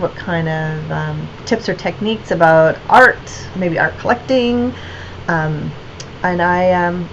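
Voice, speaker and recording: A woman's voice: medium pitch, rough recording. Brief: woman gallery owner, casual livestream chat, rambling and unscripted, slight noise behind. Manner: rambling, many fillers and restarts.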